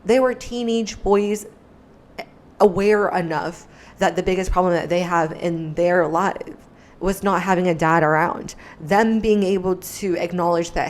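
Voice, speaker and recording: A woman commentator reacting to a clip in an earnest, reflective way, with soft-spoken asides. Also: on the low side, steady tone, moderate pace.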